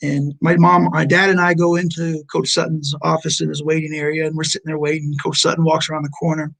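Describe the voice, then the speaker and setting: A man in his forties tells a story on a remote call, earnest and halting, often restarting his words. His voice sits a little high with a gravelly edge. He sounds like a coach speaking from experience. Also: little pitch movement, a bit bright, rough recording. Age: 40s. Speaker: junior college basketball head coach.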